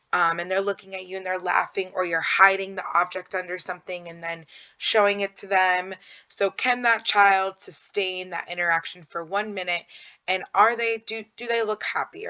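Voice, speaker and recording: A woman's voice: lowish voice, sharp tone, smooth. A woman narrating a slideshow lesson on early child development, explaining with frequent ums and acting out simple prompts to a child. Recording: dull lo-fi audio.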